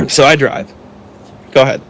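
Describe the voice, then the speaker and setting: Gravelly young man rambling through a story. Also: medium pitch, a little slow, slight background noise. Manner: rambling, heavy use of filler "like", swears when annoyed. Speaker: podcast co-host. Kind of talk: casual storytelling chat.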